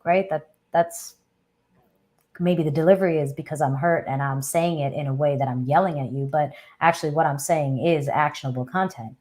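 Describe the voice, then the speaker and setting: A woman's voice: low-pitched, a little fast, a little mellow. A woman hosting a live Q&A chat, talking conversationally and often checking in with a questioning "right?". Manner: thinks aloud with fillers and small restarts. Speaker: host of a live Q&A. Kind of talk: casual live chat talk.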